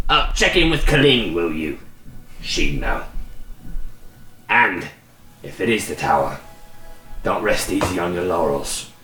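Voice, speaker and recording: Sly pipe-smoking trickster woman, teasing, lively delivery; a man puts her on; roomy room, distant mic. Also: fairly low pitch, voice pushed up, heavily acted. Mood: grave. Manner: teasing, calls everyone love.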